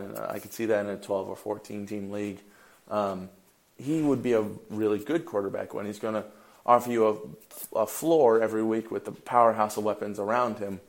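Young male host, low-ish voice, loose solo commentary, conversational with restarts. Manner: conversational, thinking aloud with fillers and restarts. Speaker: fantasy football podcast host.

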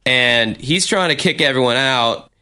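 A man casually telling a story on a chat show, animated and swearing, acting out what people said. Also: mid-range voice, a little slow, smooth. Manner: animated, acts out quotes with profanity.

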